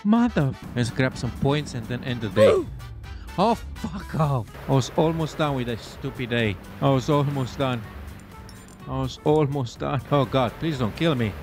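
A man's voice: medium pitch, lively intonation, normal speed, over music. A man sarcastically commentating a game as he plays, exasperated and swearing freely. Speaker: gameplay commentator. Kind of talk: let's play commentary.

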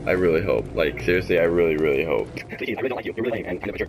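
Young male gamer, frustrated running commentary, animated delivery, slight noise in the recording. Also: sits low, rapid-fire. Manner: exasperated, talks to the game, swings from mutters to shouts. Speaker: gameplay commentator. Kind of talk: let's play commentary.

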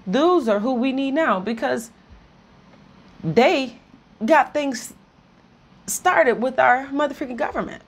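Higher-voiced woman ranting profanely. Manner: profane and blunt, with nervous laughs between points; repeats slogans and rises to near-shouting when heated. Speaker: video commentator. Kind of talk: impassioned political rant to camera.

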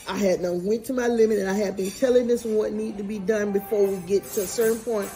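An exasperated woman on a played tape vents bluntly about being pushed to her limit. Her voice is dark and mellow, with faint music underneath. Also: mid-range voice, steady tone, fast.

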